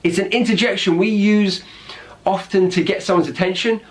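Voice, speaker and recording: Chatty British man, rather high voice. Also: steady tone, moderate pace. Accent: British English. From Britain. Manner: chatty, teacherly, acts out example phrases. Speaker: English slang teacher. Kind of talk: explaining slang words with examples.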